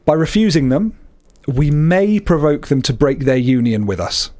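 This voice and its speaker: A man's voice: fairly high pitch, very animated, moderate pace, warm tone. A man casually chatting while playing a strategy game, reading event text aloud in a laid-back, joking way. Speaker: co-op gamer, channel host. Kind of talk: casual gameplay chat.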